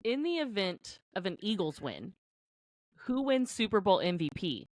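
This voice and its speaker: A woman guest on a sports podcast, briskly running through a list of questions. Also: medium pitch, big pitch swings, a little mellow, dry recording. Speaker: guest reading prop bets. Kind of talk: casual podcast chat.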